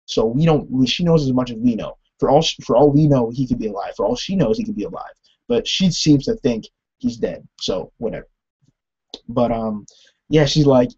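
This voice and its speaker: A young man recapping a TV episode in a rambling, animated way, laughing often and saying "like" a lot. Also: on the high side, slightly rough, muffled recording. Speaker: TV episode reviewer. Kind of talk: casual recap and commentary.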